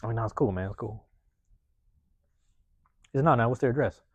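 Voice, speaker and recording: A podcast host with a slightly rough, mid-range male voice tells a personal story fast and profanely, acting out what the people in it said. His retelling is casual and animated, and the audio is dull.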